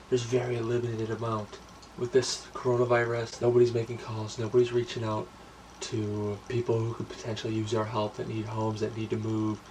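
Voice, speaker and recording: A young man from Michigan, a real estate agent, chatting casually in his vlog outdoors. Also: medium pitch. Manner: relaxed, chatty, motivational asides. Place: outdoors in the countryside. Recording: noisy outdoor ambience.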